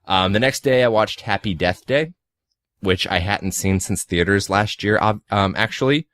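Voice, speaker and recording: Podcast co-host, man in his twenties, very low voice, rambling and loose, dry close sound. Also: moderate pace, a bit bright, no room sound. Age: 20s. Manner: rambling, filler-heavy, sarcastic asides. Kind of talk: casual podcast chat about movies.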